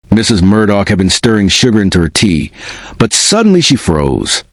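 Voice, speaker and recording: A man with a fairly low voice reads a first-person spooky tale aloud. His delivery is expressive and lively in pitch, and the recording is close and dry. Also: normal speed, no room sound. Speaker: narrator. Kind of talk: first-person storybook narration.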